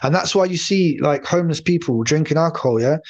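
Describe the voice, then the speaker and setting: A man from England runs a loose, rambling livestream, swearing freely and addressing viewers by name. His voice sits a touch higher than most men's. He talks in a casual, meandering way. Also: quick pace, darkish tone. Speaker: livestream host. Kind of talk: casual live chat.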